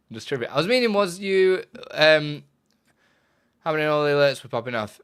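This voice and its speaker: A man's voice: fairly high pitch, expressive, a little slow, a bit bright, clear, resonant tone. A man chatting casually on a live stream, rambling and correcting himself as he explains his setup, often laughing.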